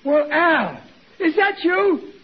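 Brief: a bumbling Brooklyn-accented husband, high, stammering, muffled old radio sound with hiss. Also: male voice, expressive, takes it slowly, heavily acted. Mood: blustering. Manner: stammering, flustered. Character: blundering good-hearted working-class husband. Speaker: sitcom lead. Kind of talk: 1940s radio acting.

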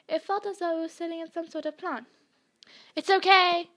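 A woman hosting a podcast and narrating a book chapter in an expressive storytelling manner. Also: extremely high pitch, quick pace. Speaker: podcast reader. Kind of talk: audiobook narration.

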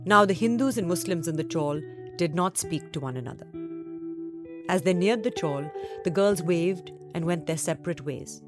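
A woman reading a children's story aloud, with expressive, varied delivery. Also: lowish voice, normal speed, over music.

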